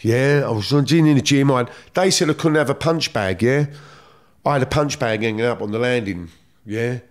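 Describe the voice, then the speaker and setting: A middle-aged guest with a London accent tells stories from his past in blunt, streetwise slang, swearing freely. It's casual storytelling in a medium-pitched voice at a moderate pace.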